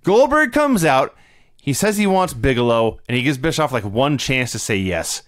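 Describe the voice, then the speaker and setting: Chatty man, lively pitch, dry sound. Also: moderate pace, no echo. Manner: laughing, chatty, explanatory. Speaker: podcast co-host. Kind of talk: casual chat recapping wrestling.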